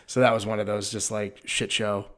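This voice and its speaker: A man's voice: on the low side, fairly quick. A man co-hosting a podcast, chatting casually and laughing easily. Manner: laughs easily, relaxed and conversational. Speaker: podcast co-host. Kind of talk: casual chat.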